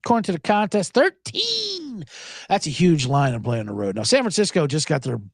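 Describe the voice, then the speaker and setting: A man's voice: a little high, wildly swooping pitch, brisk, breathy edge, no echo, studio quality. A man hosting a sports betting podcast alone, talking casually in a sarcastic, profane way and laughing often. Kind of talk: casual solo podcast talk.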